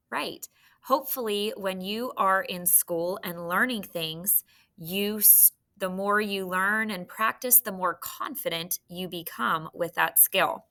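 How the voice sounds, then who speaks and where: This woman's medium-pitched voice comes across bright and pushed as she teaches children phonics in a recorded lesson. She is encouraging and breaks each syllable out clearly.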